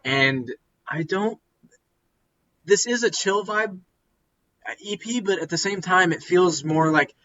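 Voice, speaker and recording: A man's voice: high-pitched, takes it slowly, long pauses, pushed and bright, dull audio, slight background noise. A tired young man chatting casually on a podcast about music, rambling and cutting himself off. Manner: rambling, self-interrupting. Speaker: podcast co-host.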